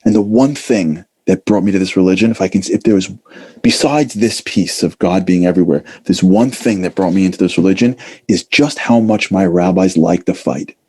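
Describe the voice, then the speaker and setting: Animated man giving a motivational talk. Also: low-pitched, moderate pace, husky. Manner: animated, acts out voices, casual fillers. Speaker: speaker.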